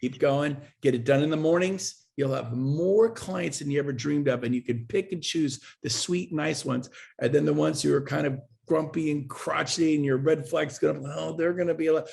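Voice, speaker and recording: A man talking as a guest in an interview, pitching hard with emphatic, repetitive and urgent delivery. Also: moderate pace, gravelly, a little mellow. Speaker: guest, real estate agent and recruiter. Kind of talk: energetic sales pitch in an interview.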